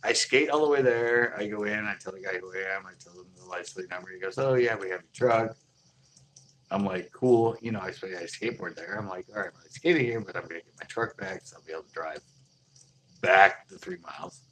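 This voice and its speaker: A man's voice: low voice, fairly quick, fairly bright tone, slight background noise. A man telling a casual story in laid-back slang, animatedly acting out both sides of the conversation. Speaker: boutique owner telling a story.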